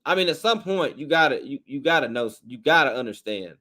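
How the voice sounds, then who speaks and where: A man, his voice a little hoarse, hosting a sports podcast with a blunt, frustrated fan rant. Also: mid-range voice, lively intonation, fairly quick, sharp tone. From Tennessee, USA. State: slightly hoarse.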